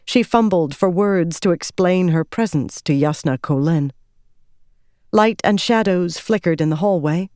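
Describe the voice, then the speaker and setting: A woman reading a fantasy audiobook in measured, scripted narration. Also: fairly low pitch, a little mellow, dry recording, studio quality.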